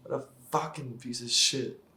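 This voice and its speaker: A man's voice: medium pitch, steady tone, moderate pace, pushed and bright. A man giving casual, profane commentary as he reacts to a TV episode, mocking the script and laughing often. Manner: laughs often while talking. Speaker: show reaction YouTuber.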